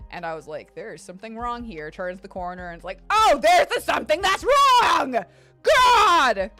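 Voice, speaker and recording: A young woman streamer chatting casually, telling an animated story and swearing freely. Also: medium pitch. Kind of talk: casual chat.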